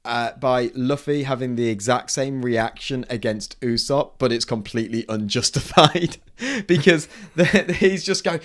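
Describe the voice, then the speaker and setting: A man's voice: medium pitch, measured pace, few pauses. Giggly man recapping a manga. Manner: laughing often, acting out characters' lines in bursts. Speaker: podcast co-host. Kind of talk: casual chat about manga.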